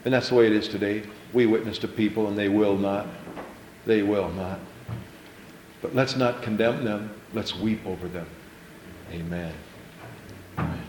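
A man's voice: on the low side, normal speed, a little mellow, slight background noise. Impassioned preacher man in an echoey church. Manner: impassioned preaching with repeated phrases and stammered restarts. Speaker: pastor. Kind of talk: sermon.

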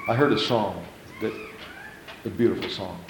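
A man's voice: lowish voice, moderate pace, slight background noise. Impassioned preacher man in an echoey church. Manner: impassioned preaching with repeated phrases and stammered restarts. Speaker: pastor. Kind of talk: sermon.

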